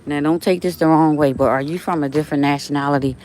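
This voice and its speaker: Older woman vlogger, animated and chatty, recorded on a phone outdoors with faint street noise behind her. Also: low voice, quick pace. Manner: chatty, animated, talks to viewers. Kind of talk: casual walking vlog. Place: outdoors on a neighborhood walk.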